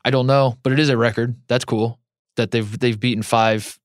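A man's voice: medium pitch, fairly even intonation, moderate pace, dry recording, clean studio sound. A man co-hosting a casual sports podcast, talking loosely with fillers and jokes. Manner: loose, joking, chatty with fillers. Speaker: podcast co-host.

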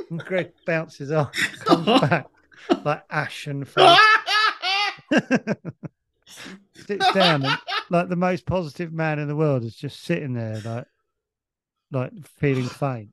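A man's voice: on the high side, animated, a little slow, pauses often, no room sound. Rambling man telling a gig story. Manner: rambling, stop-start storytelling with swearing. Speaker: comedian guest. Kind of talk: casual anecdote on a podcast.

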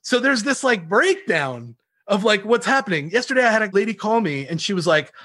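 A man sharing cold-calling tactics in an interview, animated, laughing often and acting out both sides of phone calls. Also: high voice, fairly quick, no echo, clean studio sound. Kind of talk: energetic sales talk with acted-out call examples.

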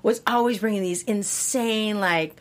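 A woman's voice: medium pitch, measured pace. A woman from Hawaii, an actress, chatting candidly and expressively in an interview. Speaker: actress guest. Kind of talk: casual interview conversation.

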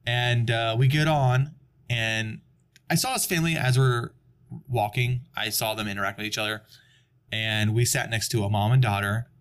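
A man's voice: medium pitch, moderate pace, fairly bright tone, smooth. A young adult man chatting casually on a podcast, telling a long story and acting out the people in it. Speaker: podcast guest. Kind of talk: casual chat.

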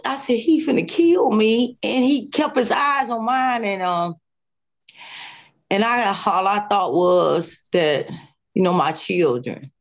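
A woman guest telling a harrowing personal story in an interview, vividly and emotionally, repeating phrases and sometimes close to tears. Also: fairly high pitch. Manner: vivid retelling with repeated phrases and sound effects; voice rises and falls sharply with emotion.

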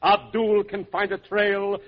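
A man's voice: high-pitched, completely flat delivery, takes it slowly. A man playing a wily, grasping camel dealer with a salesman's patter, in 1940s radio comedy acting. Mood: scheming. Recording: dull lo-fi old radio recording.

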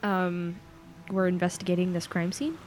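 A woman's voice: lowish voice, little pitch movement, moderate pace, darkish tone, a little hiss or hum. A woman playing a tabletop game, speaking hesitantly with many fillers. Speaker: player.

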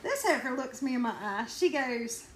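A Southern-accented woman co-hosting a podcast, telling stories in a casual, animated way and laughing often. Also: high voice, normal speed. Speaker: podcast co-host. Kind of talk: casual storytelling chat. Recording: roomy echo with faint ambient noise.

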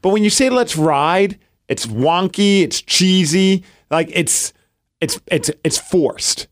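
A man's voice: high-pitched, lively intonation, takes it slowly, no echo. Sports podcast cohost guy, emphatic, keeps asking you know what i mean, dry close mic. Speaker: podcast co-host. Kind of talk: casual sports chat.

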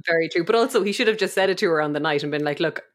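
A woman's voice: on the low side, rapid-fire. A woman co-hosting a podcast in casual chat, laughing often and acting out characters' lines. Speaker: podcast co-host.

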